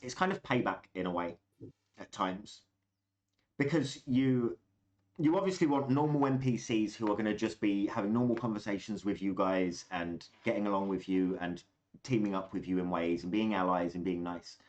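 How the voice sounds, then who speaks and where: Calm low-voiced man explaining. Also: moderate pace, dull audio. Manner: calm, explanatory, long flowing sentences. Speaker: game master. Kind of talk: casual chat.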